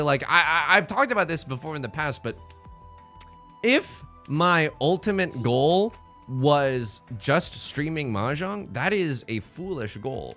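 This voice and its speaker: A man's voice: medium pitch, pushed and bright. A man hosting a let's play, rambling playfully through casual game commentary with jokey asides.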